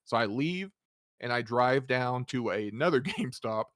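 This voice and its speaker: A man telling a story on a casual podcast, animated and quick to laugh. He acts out both sides of each exchange and swears freely. His voice sits at an everyday male pitch and sounds close and dry, with no room around it. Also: no room sound. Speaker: podcast host.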